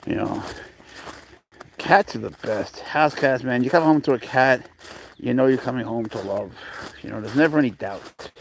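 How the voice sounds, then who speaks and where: A man's voice: mid-range voice, normal speed, gravelly, pauses often, a little hiss or hum. A man casually chatting with viewers on a live stream while walking his pet cat outdoors. He rambles, calls people bro, and his voice jumps up when he coaxes the animal.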